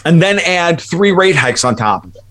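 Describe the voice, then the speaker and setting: A man's voice: a little high, big pitch swings, moderate pace, fairly bright tone. A man talking as a guest commentator in a casual chat, rambling and emphatic, often restarting his sentences.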